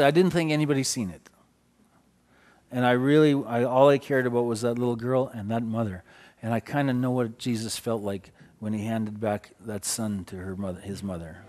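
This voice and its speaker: Preaching at a moderate pace, a medium-pitched middle-aged man tells a story in his sermon, moving from loud exclamations to hushed stretches.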